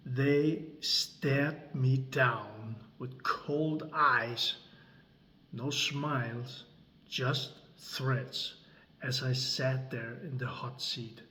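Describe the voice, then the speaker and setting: A man, telling a personal story slowly and deliberately, with long pauses between phrases. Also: medium pitch, fairly even intonation, sharp tone, slight background noise. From Denmark. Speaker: creator and coach. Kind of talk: slow dramatic storytelling.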